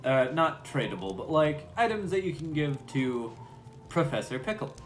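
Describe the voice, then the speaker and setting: A man's voice: fairly high pitch, sing-song, normal speed, faint music behind. A male voice actor streamer chatting casually while playing a game, laughing at himself.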